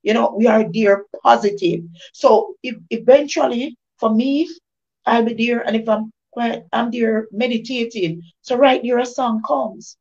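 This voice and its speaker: A woman preaches in a fairly high voice, circling back to phrases with emphatic, rhythmic repetition. The recording sounds dull and lo-fi. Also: unhurried, a little mellow. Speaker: devotional speaker. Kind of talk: informal testimony and preaching.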